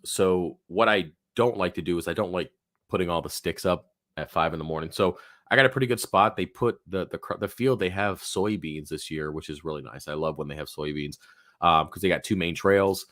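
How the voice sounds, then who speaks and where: A man hosting a live Q&A stream from his office, chatting casually and rambling with lots of fillers, his voice hoarse and going. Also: low voice, a little fast, no echo, clean studio sound. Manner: rambling, relaxed, many fillers and restarts. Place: home office.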